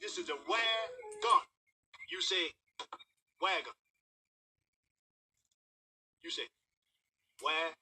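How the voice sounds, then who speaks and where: An actor playing a wily old enslaved fiddler who talks in a drawn-out rural dialect and bosses a newcomer around. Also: male voice, sits high, wildly swooping pitch, pushed and bright, breathy edge, heavily acted. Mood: bossy. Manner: heavy rural Southern dialect, drawn-out teaching repetitions. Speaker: film character.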